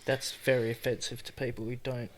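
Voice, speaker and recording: An Australian man co-hosting a podcast, trading crude, deadpan banter in casual chat. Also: mid-range voice, fairly quick. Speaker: podcast co-host.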